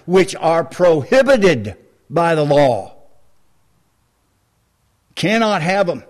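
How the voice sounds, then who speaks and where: A man preaching a sermon, retelling scripture in a folksy, emphatic way and asking the congregation rhetorical questions. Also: high voice.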